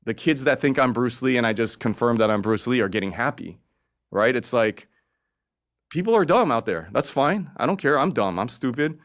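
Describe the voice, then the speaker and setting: A man of about fifty, speaking as a guest in a relaxed interview at a mid-range pitch. He rambles and swears freely, jumping into acted-out quotes as he talks. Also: moderate pace. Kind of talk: casual interview conversation.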